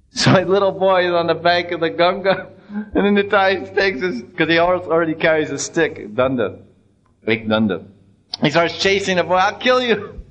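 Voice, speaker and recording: Animated male devotional storyteller. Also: fairly high pitch, highs cut off. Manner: animated retelling with many restarts. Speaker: religious storyteller.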